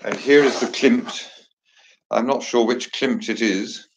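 A man's voice: mid-range voice, steady tone, measured pace, noisy background. A man hosting a casual chat, joking and chatty with theatrical asides. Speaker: host.

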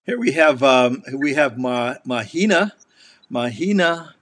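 A man's voice: mid-range voice, animated, unhurried, a bit bright. A man from Hawaii with a Hawaiian Pidgin accent, hosting a casual chat show, joking and laughing as he talks. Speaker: show host.

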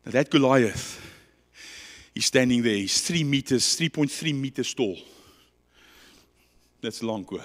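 A man with a South African accent preaching a passionate, dramatic sermon that swings between loud and quiet. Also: medium pitch, animated, a little slow, pauses often, big-room sound.

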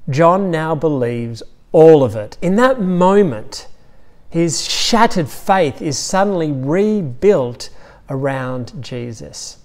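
A man with an Australian accent preaching an Easter sermon, retelling scenes with lively storytelling asides. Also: fairly high pitch, slow pace. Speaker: pastor.

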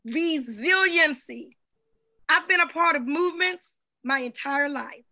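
A woman preaching a sermon over a video call, her voice high and bright. She rises into rhythmic call-and-response and shouted exhortations, then drops back to a hushed, intent delivery. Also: moderate pace. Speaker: guest minister.

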